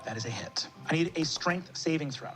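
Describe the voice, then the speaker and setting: A man running a tabletop game as game master, calling rolls and narrating with quick rulings and laughing asides. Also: a little high, animated. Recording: distant voice over loud music.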